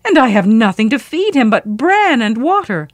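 A woman's voice: big pitch swings, moderate pace, no echo. A woman voicing a frightened poor peasant wife in a storybook tale, wailing. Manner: wailing, higher.

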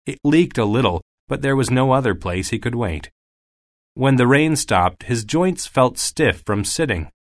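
A man reading a folk tale aloud as scripted narration, with an expressive delivery. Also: medium pitch, a little slow, no echo. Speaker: storyteller.

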